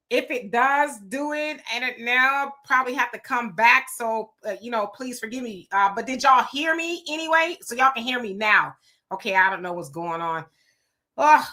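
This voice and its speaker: A woman's voice: fairly high pitch, sharp tone. A woman hosting her own live stream show, chatting casually and greeting viewers by name. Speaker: livestream show host.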